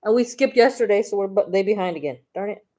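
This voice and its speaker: A woman's voice: medium pitch, quick pace, dark tone. A woman, a mother, chatting casually with her daughter and then reading the Bible aloud, tired and teasing, sometimes stumbling over words.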